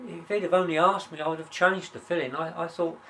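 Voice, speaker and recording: A woman's voice: on the low side, fairly even intonation, brisk, fairly bright tone, slight background noise, pitched above the performer's own voice. A man voicing a bewildered English widow at an inquest. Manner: bewildered, earnest.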